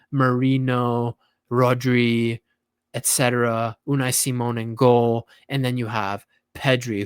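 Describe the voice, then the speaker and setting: A man's voice: medium pitch, clear, resonant tone, no room sound. Opinionated man talking football, dry mic. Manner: animated, opinionated, repeats himself. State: tired, yawning. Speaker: football commentator. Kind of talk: casual solo reaction commentary.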